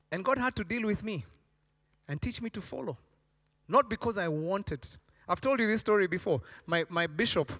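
A man preaches with a high, lively voice that leaps up and down as he acts out stories. His tone is bright and ringing. A long hall reverb trails behind each phrase. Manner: animated storytelling, acting out voices. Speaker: pastor. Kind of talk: sermon.

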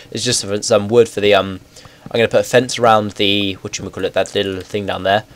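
A young man with a cold, sounding hoarse and congested, rambling through casual game commentary on a headset mic with self-mocking, excitable asides. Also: lowish voice, fast talker. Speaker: gaming video host.

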